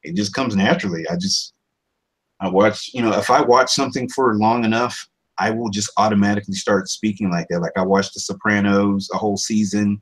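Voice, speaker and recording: A man's voice: fairly even intonation, brisk, breathy edge, low-quality recording. A man in his thirties, a voice over artist, talking casually in an interview, rambling with many restarts. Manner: rambling, restarts often, jumps into higher impressions.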